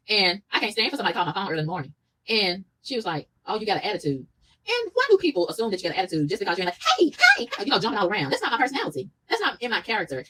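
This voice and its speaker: A woman vlogger telling a story in a casual rant, animated, profane and indignant, with a husky voice. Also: medium pitch, low-quality recording.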